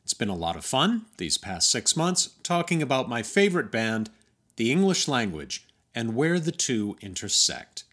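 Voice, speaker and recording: Man, American accent, podcast host, scripted narration, measured and wry, highly animated pitch. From United States.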